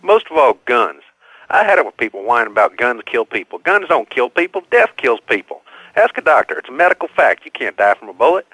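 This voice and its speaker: A man's voice: mid-range voice, very animated, a little fast, bright, forceful tone, husky, no room sound, full character voice, rough recording. An actor playing a folksy, cheerfully dim gun-loving male caller. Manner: folksy, confident, illogical.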